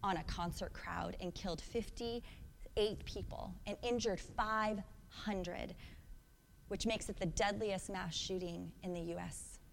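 A woman's voice: mid-range voice, steady tone, takes it slowly, gravelly, big-room sound, a little hiss or hum. A woman in her thirties preaching a sermon, earnest and reflective, asking the congregation questions. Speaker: pastor.

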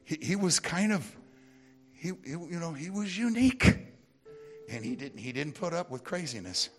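A man's voice: a little high, very animated, normal speed. Folksy, emphatic American preacher man with music behind. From United States. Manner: folksy storytelling, rising to loud emphatic preaching. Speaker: pastor. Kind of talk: sermon.

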